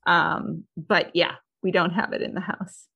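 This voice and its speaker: A middle-aged woman hosting a podcast, telling stories in a candid, animated way with lots of fillers. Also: fairly low pitch, unhurried, vocal fry, husky, highs cut off. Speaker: podcast host. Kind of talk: casual conversation.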